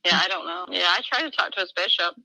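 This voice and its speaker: Fervent gravelly middle-aged woman. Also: fairly low pitch, fast talker, pushed and bright, no echo, low-quality recording. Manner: fervent, quotes dialogue in a swinging voice. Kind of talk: emotional personal conversation.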